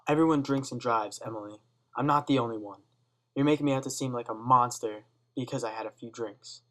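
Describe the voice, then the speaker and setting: A young man voicing a drunk, stubborn father who argues back in a car, speaking louder and insistently. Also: medium pitch, fairly quick, natural voice. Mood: defensive.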